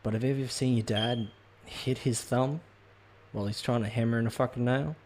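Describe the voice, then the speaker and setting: A man's voice: medium pitch, steady tone, brisk, darkish tone, a little hiss or hum. A man hosting his own show, ranting casually in a profane, rambling way with lots of ums and restarts. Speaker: podcast host. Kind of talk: casual comedic rant.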